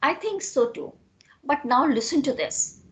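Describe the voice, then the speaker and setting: A woman's voice: high-pitched, expressive, a little slow, fairly bright tone. A woman with an Indian English accent reading the part of a playful, proud young wife in a teasing tone.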